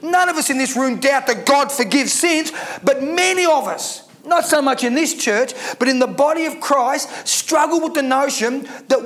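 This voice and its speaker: A man delivering a sermon from the pulpit, his voice sitting very high. He preaches with emphasis, repeating key words and throwing rhetorical questions at his church. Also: lively intonation, normal speed, hardly any pauses, a bit bright. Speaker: pastor.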